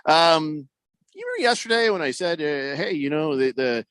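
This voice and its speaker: A man co-hosting a sports radio show, reading listener messages out loud and riffing on them in a loose, joking way with plenty of fillers. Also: fairly high pitch, very animated, normal speed, smooth, no room sound. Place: radio studio.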